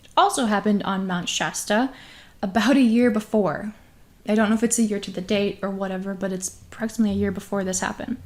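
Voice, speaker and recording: A woman's voice: medium pitch, quick pace. A woman co-hosting a casual podcast, retelling an eerie story and laughing often as she talks. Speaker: podcast co-host.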